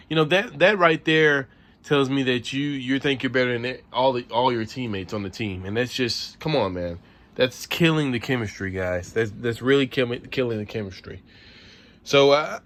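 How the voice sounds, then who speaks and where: A man's voice: medium pitch, fairly bright tone. A man giving a frustrated, profane sports rant to camera in a vlog, repeating himself as he vents. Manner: frustrated, profane, repetitive ranting. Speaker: sports vlogger. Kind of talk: ranting sports commentary.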